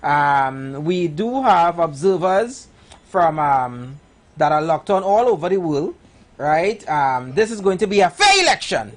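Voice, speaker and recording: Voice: medium pitch, very animated, a little slow. A radio host with a Trinidadian accent, talking in playful, rambling live banter with many fillers and restarts.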